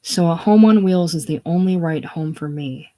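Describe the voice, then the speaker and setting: A reader voicing a brash, combative middle-aged woman who lives in a trailer, speaking in a loud, scornful, mocking way in a casual play reading. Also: medium pitch, normal speed, lightly acted.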